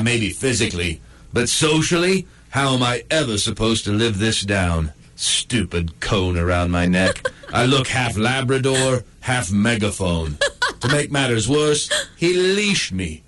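Un hombre haciendo de un perro sarcástico y gruñón. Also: male voice, medium pitch, animated, measured pace, fairly bright tone, a little hiss or hum. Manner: sardonic, self-pitying and crude. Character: grumpy male dog wearing a cone, sarcastic. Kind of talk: comedic inner monologue.

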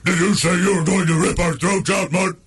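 A man's voice: sits high, fairly even intonation, brisk, a bit bright, voice pushed up. A man voicing a menacing male pit bull who bullies other dogs. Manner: gruff, threatening.

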